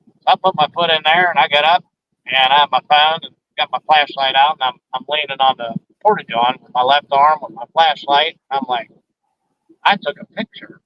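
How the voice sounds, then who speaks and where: A man telling a story as a guest in a phone interview, earnestly retelling each exchange with many "I said" and "he said" remarks. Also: fairly high pitch. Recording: dull lo-fi phone line.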